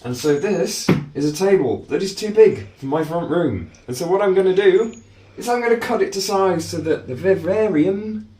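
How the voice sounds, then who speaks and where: Jokey man, lively pitch. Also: normal speed, distant mic. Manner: jokey, mock-dramatic, swears casually. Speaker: vlog host. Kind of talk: casual chat. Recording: echoey room with clear noise.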